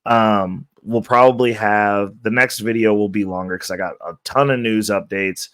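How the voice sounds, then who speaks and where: A man's voice: fairly low pitch, fairly even intonation, moderate pace, a bit bright, smooth, dry recording. A male crypto vlogger talking casually to his viewers. He is stuffy, his voice is close to worn out, and he rambles with plenty of fillers and restarts. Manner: loose and rambling, with many fillers and self-corrections; upbeat, hyping the viewers. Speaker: crypto channel host. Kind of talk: casual talk to camera.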